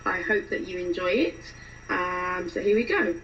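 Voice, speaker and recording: A woman's voice: on the low side, normal speed, a bit bright, far from the mic, lo-fi sound, soft background music. A woman actress casually introducing her accent demos, hesitating with many ums.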